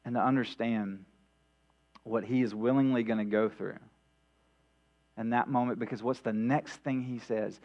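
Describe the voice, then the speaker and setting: A man's voice: mid-range voice, fairly even intonation, normal speed, pauses often. A man preaching a midweek sermon in a church, talking conversationally with many "right?" asides and restarts. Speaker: pastor. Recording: dull lo-fi sound with mains hum.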